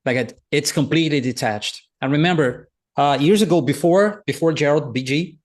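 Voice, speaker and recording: A man hosting a founders' faith discussion, telling his own stories in an animated way and laughing along. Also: on the high side, normal speed. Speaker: host leading a founders' faith talk. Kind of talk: animated storytelling.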